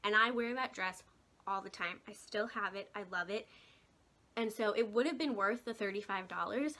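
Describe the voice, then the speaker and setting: A woman's voice: mid-range voice, normal speed, bright, forceful tone. A young woman vlogger chatting casually to camera, rambling a little and laughing often. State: hiccuping.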